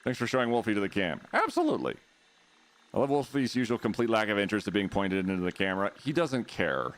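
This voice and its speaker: A man's voice: lowish voice, big pitch swings, fast talker. A man streaming a video game, chatting with his viewers in a playful, jokey way. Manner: playful, jokey, shrieks and laughs. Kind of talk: casual live-stream chat.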